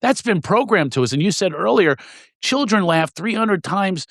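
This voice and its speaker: A middle-aged comedian in a podcast conversation, telling animated stories, acting out quotes and laughing often. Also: male voice, high-pitched, normal speed, dry recording, studio quality. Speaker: comedian and guest.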